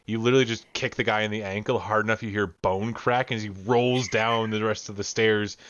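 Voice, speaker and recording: A man's voice: fairly low pitch, fairly even intonation, a little fast, fairly bright tone, highs cut off, slight background noise. A man narrating as game master in casual talk, with fillers and restarts, over a video call.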